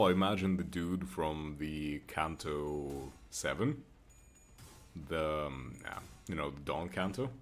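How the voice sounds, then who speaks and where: A young man joking crudely and rambling while he plays a game and answers chat. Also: low-pitched. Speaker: streamer. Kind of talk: casual gameplay commentary with chat.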